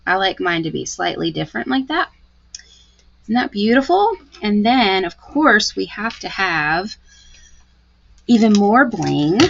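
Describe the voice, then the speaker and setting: A woman's voice: lowish voice, vocal fry, highs cut off, slight background noise. A woman giving a live craft tutorial, chatty and gushing as she talks through each step. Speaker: card-making demonstrator.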